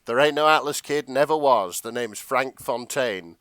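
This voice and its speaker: A man's voice: medium pitch, moderate pace, fairly bright tone, smooth, dry recording, clean studio sound, close to an everyday voice. A man doing a sneering, scheming gangster.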